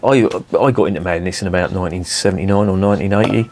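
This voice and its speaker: A man's voice: low-pitched, rapid-fire, darkish tone. A man in his fifties reviewing beer in a casual, rambling, sweary chat full of digressions.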